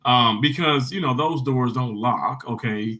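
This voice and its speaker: This livestream host has a mid-range voice and talks a little slowly, captured on a low-quality recording. After a heartfelt, often restarted story, he brightens up to greet viewers in the comments.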